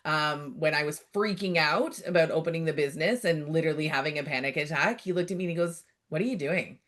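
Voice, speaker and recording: A woman's voice: sits low, fast talker. A middle-aged woman from Canada in a casual interview, telling stories and acting out bits of dialogue. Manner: lively storyteller, acts out quoted dialogue. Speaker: outdoor educator, guest.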